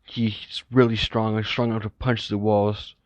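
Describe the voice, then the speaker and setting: A man's voice: fairly low pitch, flat delivery, moderate pace, dry recording. A man casually narrating an improvised fan story, rambling and correcting himself with many asides. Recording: dull, lo-fi, dry recording.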